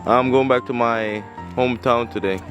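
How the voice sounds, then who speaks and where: Give me an excited young man touring a house over background music. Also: mid-range voice, moderate pace. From Jamaica. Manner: excited, laughing, pointing things out. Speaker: vlogger. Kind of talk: casual home tour and talk.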